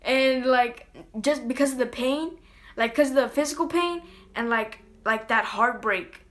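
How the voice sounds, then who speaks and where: A woman's voice: sits high, measured pace. Rambling young woman telling a story. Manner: rambling, filler-heavy, earnest. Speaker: vlogger. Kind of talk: casual storytime vlog.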